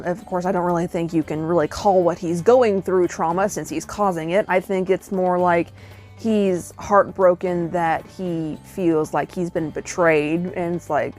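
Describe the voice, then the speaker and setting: A woman's voice: fairly low pitch, darkish tone. A young woman reviewing a book in a casual vlog, gushing and dramatic, with lots of fillers. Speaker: book vlogger.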